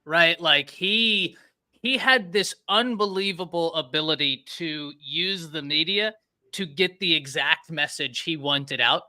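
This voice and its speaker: A man with a mix of Texan and New York accent, talking football in an animated, emphatic way. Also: a little high, unhurried. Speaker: co-host, football analyst. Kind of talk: casual sports talk.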